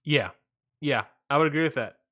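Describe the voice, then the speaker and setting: A man co-hosting a casual wrestling podcast, laid-back and rambling, often trailing off quietly at the ends of lines. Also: a little high, a little fast. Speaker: podcast co-host.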